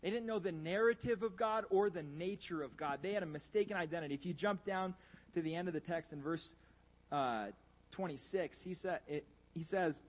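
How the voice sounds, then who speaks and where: A man preaching a sermon, animated and emphatic, swinging between loud bursts and hushed asides. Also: fairly high pitch, normal speed.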